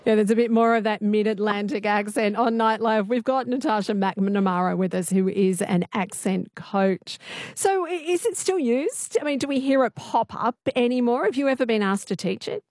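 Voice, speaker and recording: A woman's voice: on the high side, moderate pace, darkish tone, dry recording, studio quality. A woman hosting a radio talk show, chatting easily and reading out listener messages. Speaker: radio host. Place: radio studio.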